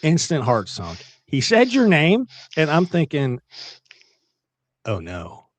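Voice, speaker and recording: A man's voice: on the high side, a little slow, no echo. Chatty man hosting a live stream. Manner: chatty, animated retelling with acted-out quotes. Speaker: livestream host. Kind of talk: casual live-stream chat.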